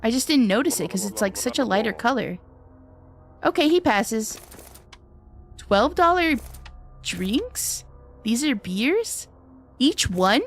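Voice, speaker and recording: A woman with a bright, high voice streams a horror game, her pitch leaping widely up and down from line to line. She reacts loudly, swears freely, and chats along, thanking viewers in passing as soft music plays behind her in this live gameplay commentary.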